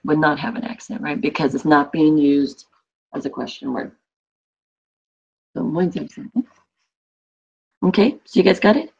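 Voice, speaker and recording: A woman's voice: low voice, a little slow, creaky, long pauses, darkish tone. A woman teaching a Spanish class online, explaining with chatty examples and asides to her students. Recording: dull lo-fi audio.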